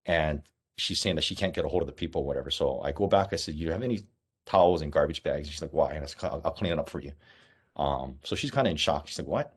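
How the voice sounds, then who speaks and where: Brief: middle-aged cop from Hawaii, deep husky voice, rapid blunt storytelling. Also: male voice. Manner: candid, blunt storytelling with many "um"s and short clipped sentences. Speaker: police officer and guest speaker. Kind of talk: personal story told to an audience.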